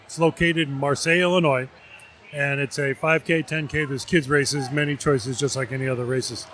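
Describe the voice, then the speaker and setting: A man from New Jersey, representing vendors, explaining things in a measured way. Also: mid-range voice, steady tone, fairly bright tone, a little hiss or hum. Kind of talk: casual interview.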